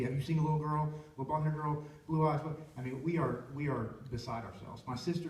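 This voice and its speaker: A young man who leads worship recounts a sincere personal story in a mid-range, slightly dark voice, stumbling through many restarts. The sound is distant and echoey, caught in a church sanctuary with a bit of hiss or hum.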